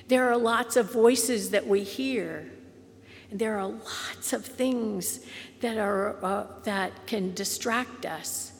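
A woman pastor preaching a sermon slowly and gently, sometimes softening to a near whisper. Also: mid-range voice, gravelly, in a large hall. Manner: slow, gentle, drops to soft whispers on quoted lines.

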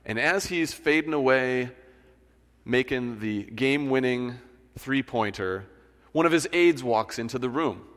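A man preaches in a relaxed, storytelling way from a church sanctuary, often doubling back on his words. His mid-range voice carries a long, hollow hall reverb. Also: medium pitch, a little slow. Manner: conversational storytelling with restarts. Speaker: pastor. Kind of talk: sermon.

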